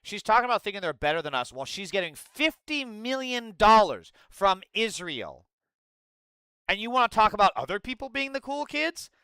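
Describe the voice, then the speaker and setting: A man rants through political commentary with heavy sarcasm and plenty of swearing. His voice is high and lively and swoops widely, and it sounds bright and close in a dry room. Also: moderate pace, clean tone, dry recording. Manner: profane, heated, sarcastic.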